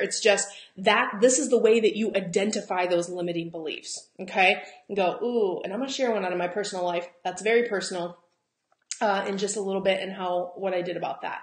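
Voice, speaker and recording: A woman's voice: medium pitch, fairly quick. A Southern American woman coaching travel agents in a chatty, encouraging live talk, often laughing and acting out quotes. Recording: roomy echo.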